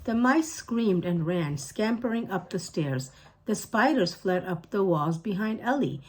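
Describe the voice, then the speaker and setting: A woman teacher reading a children's chapter book aloud with slow, careful storytelling. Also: medium pitch, lively intonation, slightly rough.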